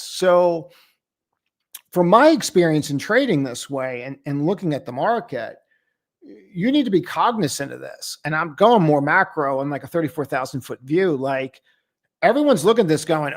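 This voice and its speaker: Guy talking through stock charts live, blunt and chatty, voice sits kinda high. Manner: casual, blunt, heavy on fillers like "like" and "right". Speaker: trading show host. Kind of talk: live market commentary.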